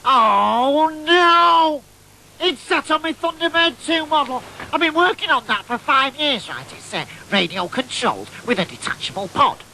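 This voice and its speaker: Comic figure: high, gravelly, piercing nasal lad, eager storyteller. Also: male voice, animated, normal speed, hardly any pauses, sharp tone, slight background noise, exaggerated voice, poor audio. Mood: excited. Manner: nasal, chatty, keeps asking "right?". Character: excitable boyish man telling tall tales.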